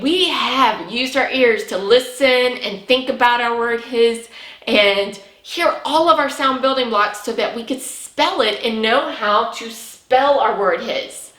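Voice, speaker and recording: A woman teaching a sight-word lesson to young children, with slow, encouraging, sing-song praise. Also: on the high side, pushed and bright, roomy sound. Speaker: preschool teacher.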